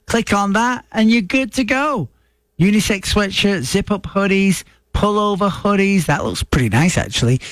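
High-voiced radio DJ. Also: male voice, no echo. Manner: relaxed, rambling, spells things out slowly. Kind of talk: casual on-air chat. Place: radio studio. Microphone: studio microphone.

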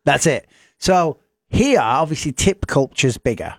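A man's voice: on the high side, animated, no echo, clean studio sound. Chatty English man hosting radio. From England. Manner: chatty, jokey, does quick voices. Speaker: radio host. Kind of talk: casual radio chat.

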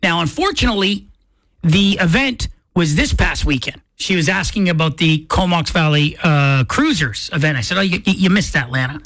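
A man hosting a morning radio show, telling a story in an excitable, chatty way and acting out the quotes. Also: on the high side, moderate pace, no room sound. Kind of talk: casual radio chat. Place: radio studio. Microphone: studio mic.

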